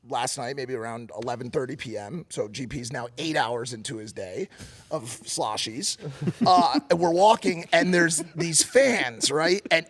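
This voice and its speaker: A man with a gravelly, husky voice spins a rambling podcast story, swearing freely. He bursts into loud impressions of the people he quotes. His voice sits a touch high for a man. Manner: profane, rambling, acts out quotes loudly. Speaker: podcast co-host. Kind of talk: animated storytelling.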